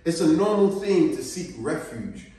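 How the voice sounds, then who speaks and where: High-voiced man in a very echoey room. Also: measured pace. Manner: animated, laughing, slangy. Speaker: vlogger. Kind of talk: telling a childhood story. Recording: very echoey room, mic far off.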